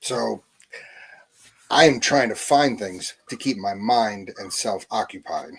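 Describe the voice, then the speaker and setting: Eager, nervously excited low-voiced man. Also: slow, gravelly, husky, poor audio. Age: adult. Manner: eager, nervous-excited, talks in long runs. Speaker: podcast co-host. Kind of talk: casual sports podcast chat.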